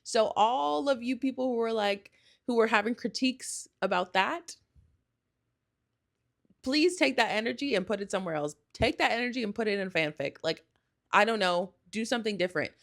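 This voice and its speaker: Young woman podcaster rambling and gushing, lots of vocal fry, says like a lot. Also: fairly high pitch, lively intonation, moderate pace, fairly bright tone. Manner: gushing, rambling, with frequent "like" and self-corrections. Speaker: podcast host. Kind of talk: casual solo podcast chat.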